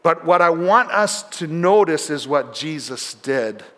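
A man preaching a sermon in a church, telling the story earnestly and often dropping softer for emphasis. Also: on the high side, animated, unhurried. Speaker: pastor. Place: church sanctuary. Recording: long hall reverb.

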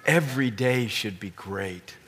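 A man preaching a sermon as pastor, animated and emphatic, with playful asides to his congregation. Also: on the low side, a little slow, slight background noise.

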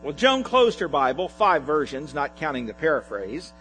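A male pastor reads a humorous sketch to his congregation, his voice high and sweeping through wide swings of pitch. Soft music sits faintly behind him. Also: moderate pace, poor audio. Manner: animated storytelling. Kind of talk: sermon with a read-aloud humorous sketch.

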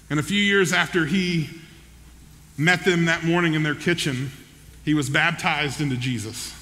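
Bright-voiced preacher telling a story. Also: male voice, a little high. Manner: folksy, conversational, checks in with the audience. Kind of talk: sermon storytelling. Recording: long reverb in a large hall.

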